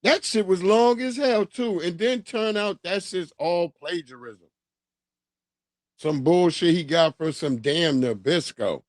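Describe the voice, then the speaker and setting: A man in his forties hosting a livestream, giving animated, profane casual commentary and laughing often. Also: high-pitched, unhurried, no echo, studio quality. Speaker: livestream host.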